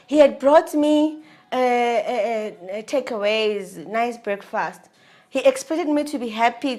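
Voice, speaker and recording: Candid South African woman telling a story. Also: a little high. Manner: candid, animated, slangy storytelling. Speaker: vlogger. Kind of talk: personal storytelling.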